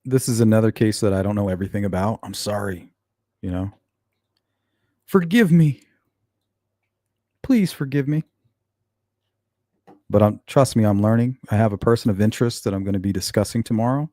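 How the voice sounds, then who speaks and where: A man's voice: fairly low pitch, steady tone, quick pace, hardly any pauses, warm tone, no room sound, studio quality. A man hosting a casual true-crime livestream, reading comments out and answering viewers in a blunt, sarcastic way. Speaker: true-crime channel host.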